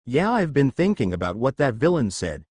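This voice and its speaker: A man's voice: medium pitch, sing-song, normal speed, a little mellow, slightly rough, dry recording, clean studio sound. A man voicing a polite, composed teen girl student who talks earnestly and thoughtfully, in a fan story reading.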